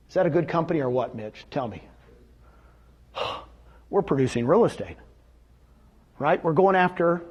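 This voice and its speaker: Addressing a live audience, a middle-aged seminar speaker gives a high-energy motivational sales talk and quizzes the room with rhetorical questions. His voice is rather high, husky and a little mellow.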